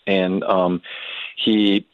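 A man telling a long family story as a guest in a conversation, talking haltingly with many restarts and fillers. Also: low voice, flat delivery, no room sound. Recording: tinny phone-like sound.

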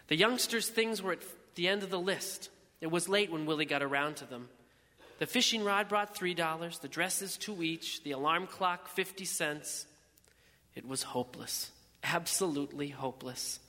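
A man reading a first-person story aloud in a measured, reflective manner. His voice is fairly high and bright, with a long reverb trailing behind. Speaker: narrator.

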